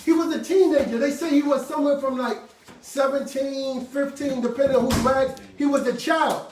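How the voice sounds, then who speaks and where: A man with a high voice preaches a sermon in call-and-response style, breaking into shouted bursts and then dropping into casual slangy asides. He sounds distant from the mic, in an echoey worship room with faint background noise. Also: fairly even intonation, normal speed.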